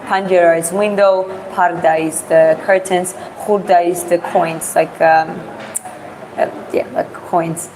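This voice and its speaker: A woman's voice: lowish voice, level tone, takes it slowly, a crowd in the background, rough recording. A woman from Georgia with a Georgian accent, a non-native English speaker chatting casually with viewers in a rambling, filler-heavy way. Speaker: vlogger streaming live. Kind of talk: casual chat answering viewer questions. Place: walking outdoors on city streets.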